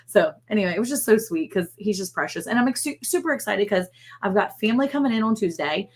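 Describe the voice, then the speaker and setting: A middle-aged woman hosting a casual livestream chat, gushing and telling stories in a chatty, animated way. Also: mid-range voice, fast, slightly rough. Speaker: livestream host.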